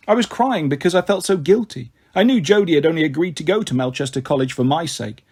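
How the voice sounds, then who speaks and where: Guy reading a kids' book out loud, kinda husky, slightly high voice, steady and expressive. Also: fast, few pauses. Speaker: storyteller. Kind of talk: reading a children's novel aloud.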